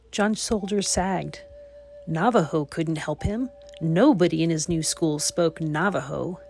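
A woman, a teacher, reading a children's picture book aloud in a clear, expressive way. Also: fairly low pitch, moderate pace. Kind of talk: read-aloud storybook narration.

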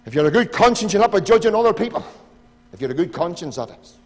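A Northern Irish man preaches from the pulpit, his voice sitting a little high as he pleads with the congregation. He swings between loud appeals and hushed asides. Long reverb from the church hall trails after every phrase. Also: big pitch swings, fast talker. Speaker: pastor. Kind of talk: sermon. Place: church sanctuary.

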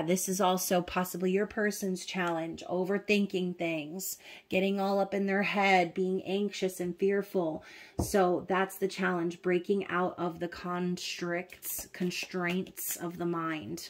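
A woman talks through a tarot reading in a casual, unscripted monologue. Her voice sits low and stays fairly flat. She is blunt and now and then swears, and she keeps asking "okay?" along the way. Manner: chatty, peppered with "okay?" and fillers. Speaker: tarot reader.

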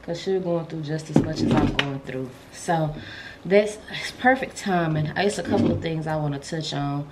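A woman talks straight to her camera at home, chatty and open about her feelings. Clear background noise hums under the home recording. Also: low voice, normal speed. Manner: chatty and emotional, calls viewers y'all and baby. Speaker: vlogger. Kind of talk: casual vlog chat.

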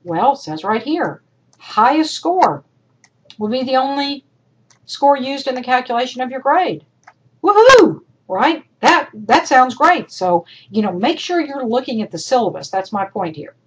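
A woman college instructor recording feedback for her class, emphatic and encouraging, talking straight to her students, her voice worn and going hoarse. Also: high-pitched, lively intonation, moderate pace, low-quality recording.

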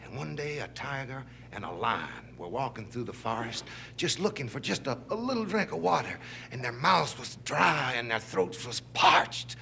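A man's voice: mid-range voice, lively intonation, normal speed, gravelly, bright, forceful tone, slight background noise. A man, host of a TV special, telling a fable in a folksy, chuckling way. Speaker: storyteller, show host.

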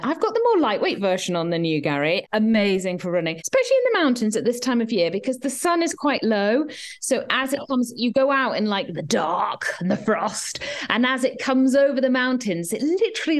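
Chatty british woman podcast host, giggly and rambly, highish voice that jumps around a lot. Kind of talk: casual chat.

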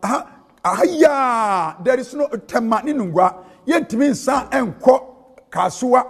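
A Ghanaian man preaching with a high, ringing voice. He falls into a sing-song cadence and mixes local-language phrases into his sermon. The long reverb of a big church hall hangs on every line. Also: animated, a little slow, husky. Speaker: prophet and preacher.

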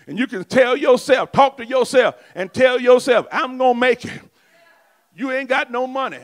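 A man preaching a sermon as pastor in a church, with call-and-response lines that climb to shouts. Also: very high-pitched.

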